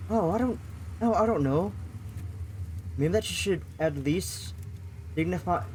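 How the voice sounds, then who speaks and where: Nagging, exasperated mum, slightly low and steady, as a woman reads her. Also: a little hiss or hum. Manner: exasperated, scolding. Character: strict nagging middle-aged mother.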